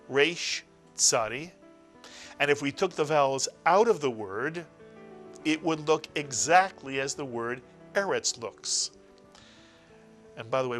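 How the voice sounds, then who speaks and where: Male teacher for a recorded lesson, unhurried and patient, mid-pitched, faint music underneath. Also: a bit bright. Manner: slow, patient, spells out letters and syllables. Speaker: Hebrew teacher.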